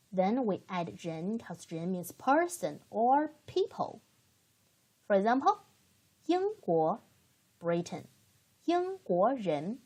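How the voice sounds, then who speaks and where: A woman gives a beginner language lesson, speaking slowly and patiently. Her voice is slightly breathy, and her pitch rises and falls a lot as she models words for learners to repeat. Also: a little mellow. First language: Chinese. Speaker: Chinese language teacher. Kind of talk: slow, careful language lesson.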